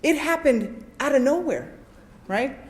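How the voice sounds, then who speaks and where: A woman speaking at a recovery convention, sharing her story with an animated, comic storytelling style and frequent "right?" asides to the audience. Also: high voice, a little slow, roomy sound. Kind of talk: personal recovery share before a live audience. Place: convention hall with a live audience.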